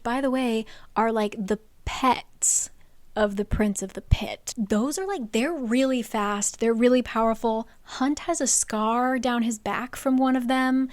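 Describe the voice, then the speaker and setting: A young woman with a slightly high voice talks through a book's plot in a loose, chatty way. She slips into brief playful voices when quoting characters. The sound is dry and close. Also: a little mellow, no echo. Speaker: book reviewer. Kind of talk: casual plot recap.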